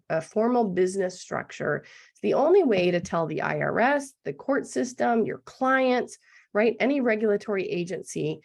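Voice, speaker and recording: A middle-aged woman with a gruff, hoarse voice explaining business legal basics in an online masterclass, often checking in with "right?". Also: mid-range voice. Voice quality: gravelly. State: gruff, throat-clearing voice. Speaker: business lawyer presenting a masterclass.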